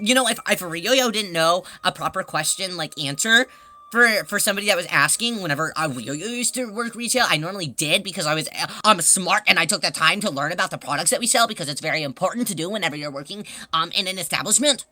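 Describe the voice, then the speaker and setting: A woman streamer in casual livestream chat, rambling through a story with many fillers and breaking into laughing shouts. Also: lowish voice, expressive, fairly quick, dry recording. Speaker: live streamer.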